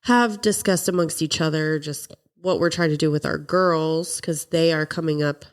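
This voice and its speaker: Congested low-voiced woman podcaster. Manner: chatty, laughs often, quick bursts. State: congested, nasal from a cold. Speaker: podcast co-host. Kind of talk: casual chat.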